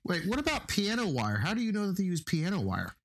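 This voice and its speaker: A man's voice: high-pitched, wildly swooping pitch, fast talker. A man co-hosting a casual movie podcast, joking loosely and swearing. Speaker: podcast co-host.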